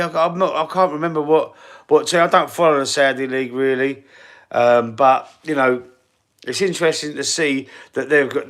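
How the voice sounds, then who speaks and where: Speaking in a mid-range, slightly bright voice, a Cockney man from East London hosts a relaxed football live stream. He rambles and chats with lots of fillers while dealing with a runny nose.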